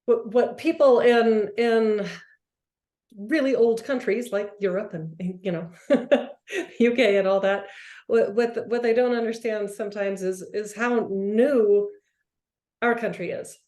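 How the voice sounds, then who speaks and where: Halting American woman in an echoey room. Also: a little high, warm tone. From United States, lives in Arizona. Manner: halting, many restarts and repeated words. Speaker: interview host. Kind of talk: casual interview conversation.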